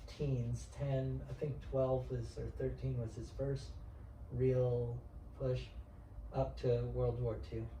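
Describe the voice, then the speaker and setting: A talkative Texan man rambles about his auction business in a relaxed interview. He sits away from the mic in an echoey room, with faint noise behind him. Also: medium pitch, slow pace, recorded from a distance. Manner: talkative, rambling with restarts and asides. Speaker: auctioneer and antiques specialist. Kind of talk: casual interview chat.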